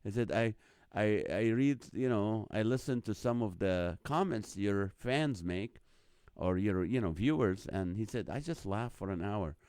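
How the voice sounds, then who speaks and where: A man hosting a casual live stream, reading out viewer comments, chuckling often and turning quiet when serious. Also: lively intonation, a little slow, clear, resonant tone, dry recording, studio quality. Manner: drops quiet and low when serious, lifts loud for jokes. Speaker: host of a live show.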